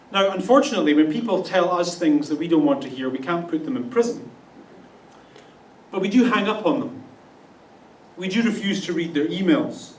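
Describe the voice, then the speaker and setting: Preaching in a church sanctuary, this Canadian man has a high, animated voice and moves at a moderate pace, with a little hiss or hum audible. He keeps the sermon conversational, frequently asking the congregation questions, captured from a distance with roomy church acoustics.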